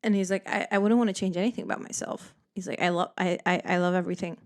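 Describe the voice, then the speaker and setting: A woman's voice: fairly low pitch, fairly even intonation, quick pace. A young woman from the Netherlands hosting a solo podcast, chatting casually and rambling with lots of "like" and frequent laughter. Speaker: podcast host.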